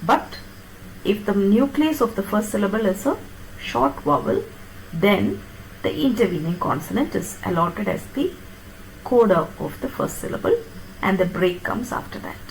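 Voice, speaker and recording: A woman lecturing on phonetics, explaining step by step and checking that her students follow with quick tag questions. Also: medium pitch, lively intonation, slight background noise, rough recording. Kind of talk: classroom lecture on pronunciation.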